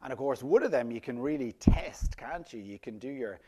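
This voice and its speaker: A man preaching a sermon, lively and rhetorical, often putting questions to his listeners. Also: mid-range voice, moderate pace. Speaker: pastor.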